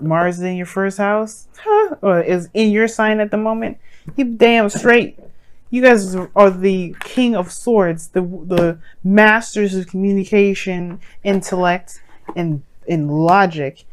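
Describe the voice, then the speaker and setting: Casual woman tarot reader, a bit croaky, lowish voice, talks in loose sassy asides. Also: a little slow. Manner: rambling, chatty, sassy, lots of fillers. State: slightly hoarse, croaky voice. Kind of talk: casual tarot reading to viewers.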